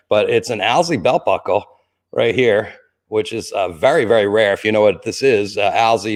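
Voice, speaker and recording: A middle-aged man hosting a casual livestream from home beside a Christmas tree, rambling and joking, greeting viewers by name and coughing now and then. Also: mid-range voice. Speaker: livestream host.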